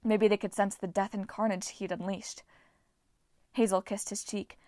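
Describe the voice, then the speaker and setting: A woman narrates an audiobook with a lively, expressive delivery. Her voice sits in a middle pitch. The recording is dry, close and free of room sound. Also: moderate pace, no echo.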